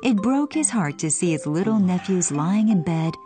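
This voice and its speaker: A woman narrating a children's storybook in an expressive storytelling cadence. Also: lowish voice, moderate pace, music in the background.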